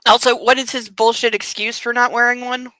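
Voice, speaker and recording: A woman's voice: a little high, level tone, fairly quick, pushed and bright, no room sound, poor audio. A woman hosting a book club, reading a novel aloud and breaking off for sarcastic, swearing comic asides. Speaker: book club podcast host.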